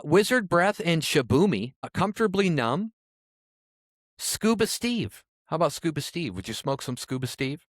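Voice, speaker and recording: A man's voice: mid-range voice, a bit bright, dry recording, studio quality. A man co-hosting a podcast in casual chat, reading out odd names and adding wry asides. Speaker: podcast co-host.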